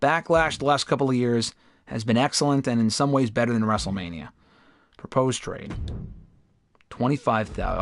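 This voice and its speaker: A man's voice: medium pitch, normal speed, pauses often. A young man hosting a game livestream, chatting casually with viewers and swearing in frustration at the game. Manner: chatty, profane, erupts into loud frustrated outbursts. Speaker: gaming livestream host. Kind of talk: casual livestream commentary while playing.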